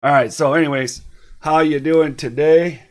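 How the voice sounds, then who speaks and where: A man's voice: fairly high pitch, fairly even intonation, normal speed. Upbeat, chatty male live-show host. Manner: upbeat, chatty, laughs easily. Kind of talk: casual live-stream chat.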